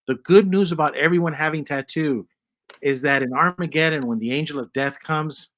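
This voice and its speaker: Hosting a casual chat podcast, a man rambles through his stories with many fillers and restarts. His voice is fairly high in pitch and a bit bright.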